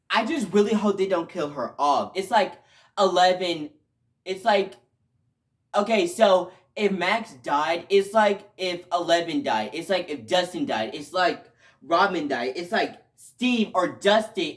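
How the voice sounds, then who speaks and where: A man giving a casual video review, talking emotionally and rambling, with sudden loud outbursts between quieter stretches. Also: sits high, expressive, slow pace. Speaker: show reviewer.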